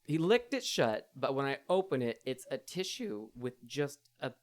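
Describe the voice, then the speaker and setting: Excitable man swearing through a story. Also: medium pitch, normal speed, no echo, clean studio sound. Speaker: podcast co-host. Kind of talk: casual chat.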